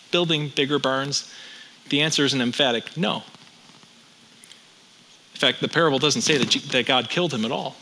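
A male pastor delivers a sermon in a bright, ringing voice that sits slightly high for a man. He moves between plain teaching and wry humor, stacking rhetorical questions to keep listeners with him. He sounds like he is in his thirties. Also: poor audio.

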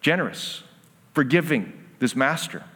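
A man's voice: medium pitch, sing-song, a little slow, bright, forceful tone. A man preaching a sermon, earnest, acting out the voices of a parable as he tells it. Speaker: pastor. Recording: long hall reverb.

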